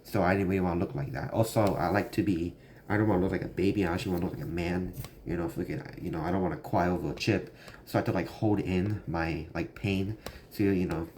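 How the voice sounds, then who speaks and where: A man's voice: low voice, darkish tone, a little hiss or hum. A young man telling a story from his childhood in a casual, rambling way, full of fillers. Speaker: vlogger.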